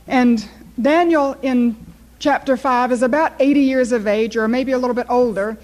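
A woman preaching a sermon, telling a story in an animated storyteller's way before moving into scripture. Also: on the high side, rough recording.

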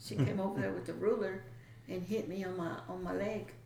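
A woman with a Texan accent, Spanish her first tongue, swaps stories in easy conversation and laughs along the way. Her voice has a gravelly rasp. The room rings around her, with a faint hum behind. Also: lowish voice, fairly even intonation, a little fast, dark tone, echoey room, poor audio. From Texas. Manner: chatty, laughs while telling stories. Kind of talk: casual storytelling.

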